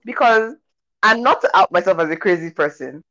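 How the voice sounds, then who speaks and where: Woman, podcast co-host, casual movie talk, animated storytelling, muffled recording. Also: fairly low pitch, fairly quick. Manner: animated storytelling, acts out scenes. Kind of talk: casual movie review chat.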